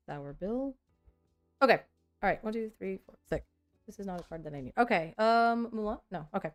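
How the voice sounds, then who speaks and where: A woman's voice: medium pitch, lively intonation, moderate pace, long pauses, soft background music. A woman vlogger chatting casually and thinking aloud while she sorts trading cards, often poking fun at herself. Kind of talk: casual chat while working.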